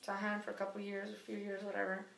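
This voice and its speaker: A woman telling a story in casual chat, animated and profane, acting out the voices of the people in it. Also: medium pitch, very fast, creaky, echoey room, a little hiss or hum. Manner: animated, profane, acts out quotes.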